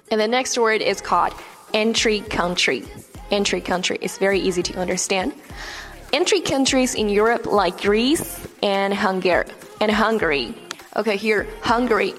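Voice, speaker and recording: A woman teaching English vocabulary, repeating each word and checking in with "okay?" as she explains pronunciation. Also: mid-range voice. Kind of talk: vocabulary lesson. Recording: long reverb, faint background music.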